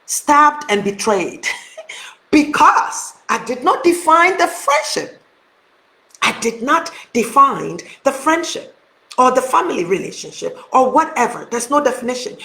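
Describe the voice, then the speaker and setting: A woman's voice: on the high side, fairly bright tone. A woman hosting a motivational talk, speaking earnestly and emphatically straight to her viewers. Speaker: host. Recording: roomy echo.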